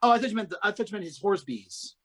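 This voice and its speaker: A man's voice: high voice, lively intonation, fast. A man with a Baltimore accent, co-hosting a comedy podcast in a rambling, jokey way. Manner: rambling, jokey, full of "like" and restarts. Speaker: podcast co-host. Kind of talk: casual comedic chat.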